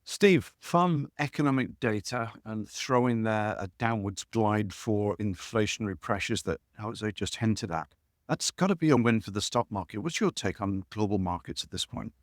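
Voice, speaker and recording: A man's voice: on the low side, normal speed, no room sound, studio quality. A man hosting a finance podcast, putting questions to his guests. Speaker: podcast host. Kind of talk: podcast interviewing.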